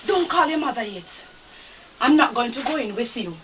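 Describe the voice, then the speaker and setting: A woman's voice: on the high side, lively intonation, normal speed, a bit bright. A woman with a Jamaican accent playing a scheming girlfriend who nags and gives orders in patois. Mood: pushy. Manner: nagging, commanding, in patois. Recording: roomy, distant, faint noise.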